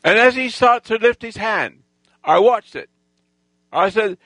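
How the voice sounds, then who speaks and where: A man telling a rambling, boastful personal story, halting with restarts and lost threads. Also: high-pitched, expressive, fairly bright tone, no room sound, poor audio. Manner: boastful, self-assured storytelling.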